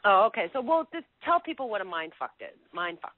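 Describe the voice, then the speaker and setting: A co-host in a casual chat asking wry, slow questions. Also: medium pitch, very animated, no echo. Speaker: podcast co-host. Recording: tinny phone-like sound.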